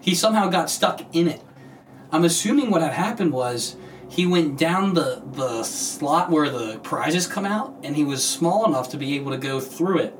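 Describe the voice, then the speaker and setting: A man's voice: fairly high pitch, expressive, moderate pace, a little hiss or hum. A young man hosting a casual podcast, chatty and jokey, retelling odd news stories, heard from a distant mic. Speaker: podcast host.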